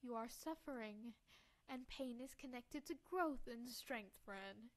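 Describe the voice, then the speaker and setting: A woman voicing a sinister old male doctor who talks calmly and smugly. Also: fairly high pitch, slow. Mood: cold. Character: sinister old man, cold and calm doctor.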